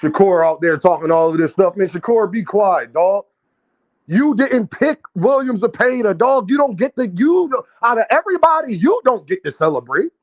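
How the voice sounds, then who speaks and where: A man's voice: high voice, animated, normal speed. Brash trash-talking male boxing streamer. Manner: addresses chat directly, calls out viewers. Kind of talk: live-stream boxing commentary. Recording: dull lo-fi stream audio.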